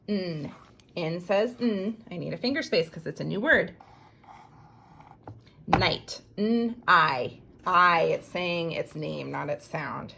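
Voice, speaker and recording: Slow, gravelly teacher sounding out words. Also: female voice, fairly low pitch, a bit bright, slight background noise. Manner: slow, stretched-out sounding out of letters and syllables. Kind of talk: modeling sentence writing for young students.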